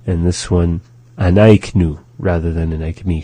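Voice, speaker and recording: A man hosting a radio language lesson, patiently repeating phrases slowly for learners. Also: low-pitched, fairly even intonation, dark tone, slightly rough, dry recording. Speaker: language teacher on a radio show. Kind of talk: slow, repetitive language lesson.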